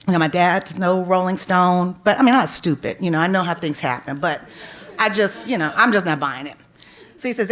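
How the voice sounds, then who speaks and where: A woman's voice: fairly low pitch, moderate pace, a bit bright. Woman telling a personal story on stage. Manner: conversational, quoting family members, frequent "you know" and laughs. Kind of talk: live storytelling performance. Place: museum event stage.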